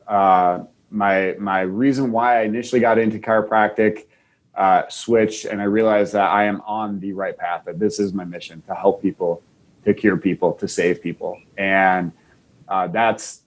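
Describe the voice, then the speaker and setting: A man's voice: fairly low pitch, fairly even intonation, normal speed. A man from Wisconsin, a chiropractor, telling a heartfelt personal story in an earnest way, often restarting his sentences. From Wisconsin, USA. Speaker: chiropractor, podcast guest.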